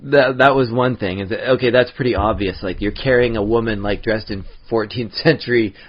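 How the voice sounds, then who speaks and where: A man's voice: on the low side, brisk, breathy edge, muffled recording. A man co-hosting a podcast, chatting casually with lots of restarts and laughter. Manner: rambling, laughs often, many restarts. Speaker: podcast co-host. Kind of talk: casual chat.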